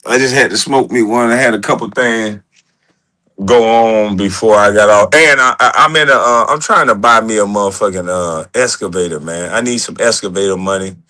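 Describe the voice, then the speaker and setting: A man's voice: fairly low pitch, moderate pace, pushed and bright. A man hosting a casual livestream, talking loosely with a lot of swearing and joking. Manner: loose, profane, joking and laughing. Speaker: livestream host.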